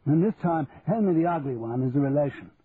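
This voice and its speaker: A man's voice: a little high, animated, quick pace, close to an everyday voice. A man playing a bluff, hearty English aristocrat who blusters jovially with old-fashioned oaths. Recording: tinny, phone-like audio, faint hiss.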